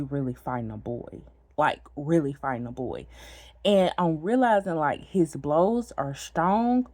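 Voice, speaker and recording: A woman with tells a story to her viewers. Her voice sits low and sounds dry and close. She talks in a lively, profane way, calling her listeners "girl.". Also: no room sound. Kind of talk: casual story time.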